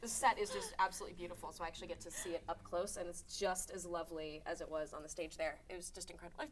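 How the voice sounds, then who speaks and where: A woman's voice: lowish voice, steady tone, very fast, a crowd in the background. A woman guest on a livestream, chatting in a bubbly, enthusiastic way. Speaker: guest player. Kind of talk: casual livestream chat.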